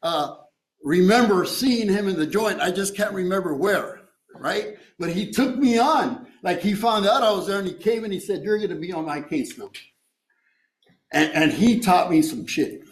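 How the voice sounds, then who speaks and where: Streetwise man with a high voice in a roomy hall. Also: expressive, moderate pace. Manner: streetwise, profane, frequent "you know" and "right?". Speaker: recovery meeting speaker. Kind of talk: sharing recovery story at a meeting. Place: meeting room.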